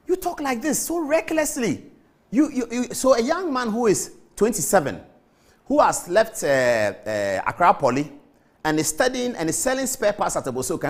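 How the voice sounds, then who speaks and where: A man with a Ghanaian accent hosting a TV commentary show, impassioned and emphatic, hammering his points with repetition. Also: high voice. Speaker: TV show host. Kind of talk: studio commentary.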